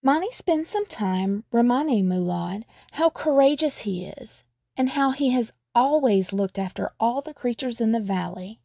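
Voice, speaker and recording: A woman storyteller reading a children's picture book aloud in a calm, even manner. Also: fairly high pitch, a little slow, gravelly, dry recording, clean studio sound.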